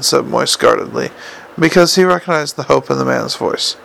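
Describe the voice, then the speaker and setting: A man narrating a comic fantasy audiobook in a measured, gently wry storytelling manner. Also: mid-range voice, lively intonation, gravelly, a little hiss or hum, rough recording.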